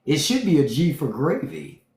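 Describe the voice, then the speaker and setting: A woman hosting a live stream, mocking and profane as she fires back at her chat. Her voice sits a touch low but swoops widely up and down. The sound carries the echo of a roomy space. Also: sing-song, normal speed, creaky, a little mellow. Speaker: podcast host on a livestream. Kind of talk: unfiltered livestream commentary.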